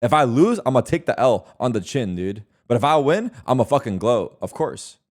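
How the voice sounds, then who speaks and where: A man's voice: medium pitch, very animated, normal speed. A young man streaming live, bantering with his chat in a loose, defensive way and swearing freely.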